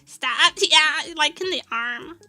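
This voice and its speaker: A woman's voice: sits high, slow, bright, forceful tone, no echo, faint music behind. A young woman streamer chatting casually with her viewers, laughing often and swearing loosely. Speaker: VTuber streamer.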